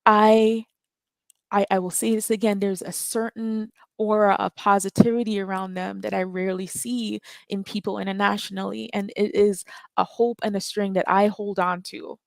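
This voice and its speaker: A woman's voice: medium pitch, level tone, normal speed, creaky, no echo. A woman calling into a live audio chat, talking earnestly and emotionally and repeating her words when stirred. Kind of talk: impassioned call-in talk.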